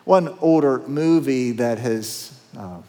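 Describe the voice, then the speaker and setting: Pastor preaching in a reverberant hall. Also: male voice, medium pitch, slow, warm tone. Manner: conversational, humorous, dramatic quoting. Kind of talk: sermon.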